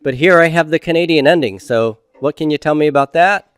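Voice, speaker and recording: A man's voice: on the high side, a little fast, clean tone, no echo, clean studio sound. A middle-aged man teaching a recorded grammar lecture. He patiently asks questions and then answers them himself.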